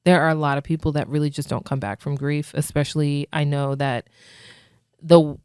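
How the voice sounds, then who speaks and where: A woman's voice: low-pitched, fairly even intonation, moderate pace, a little mellow, smooth, no room sound, studio quality. A young woman co-hosting a podcast, talking in a casual, earnest and reassuring way, with lots of "like". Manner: earnest, reassuring, heavy use of "like". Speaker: podcast co-host. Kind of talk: casual chat.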